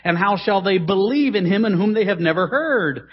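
A middle-aged man preaching a sermon in a church, dramatic, swinging between loud emphasis and hushed asides. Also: high-pitched, expressive, normal speed, breathy edge. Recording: dull, lo-fi sermon recording.

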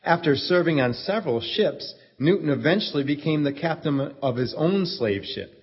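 A man narrating a story in a steady, earnest way, in a dull stage recording. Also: a little high, moderate pace, husky. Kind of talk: scripted narration. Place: church event stage.

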